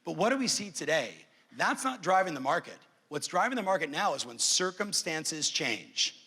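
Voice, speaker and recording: On a large conference hall stage, a brash, profane real estate coach delivers a motivational keynote and keeps polling the crowd. His slightly high voice swings widely in pitch with a sharp, breathy edge at a moderate pace, and the big hall adds long reverb.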